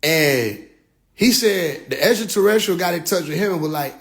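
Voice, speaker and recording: A man with a notably high voice tells a story as a comedic rant. He is animated and profane, and his delivery is loose and full of slang. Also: moderate pace. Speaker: vlogger.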